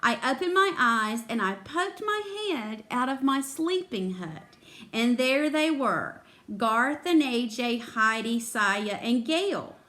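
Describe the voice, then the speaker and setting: Woman reader for a children's story, fairly high, very lively voice. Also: takes it slowly. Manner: expressive, voices the characters. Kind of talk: reading a children's book aloud.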